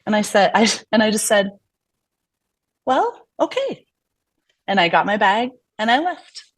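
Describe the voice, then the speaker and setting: A woman's voice: mid-range voice, fairly quick. A woman physician being interviewed on a podcast, chatting candidly and acting out the exchanges she retells. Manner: chatty, acts out quoted exchanges; frequent fillers and restarts, candid. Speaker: physician guest. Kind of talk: casual podcast storytelling.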